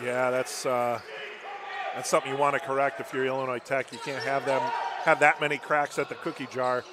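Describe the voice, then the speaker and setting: A man giving basketball color commentary in a calm, measured way. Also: mid-range voice, noisy background.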